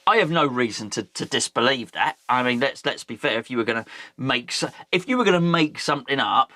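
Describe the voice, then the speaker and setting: Bloke rambling about his club, bright forceful voice, dry close sound. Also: medium pitch, lively intonation, fairly quick, no room sound. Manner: rambling, jokey, self-correcting. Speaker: fan channel host. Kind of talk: casual football chat.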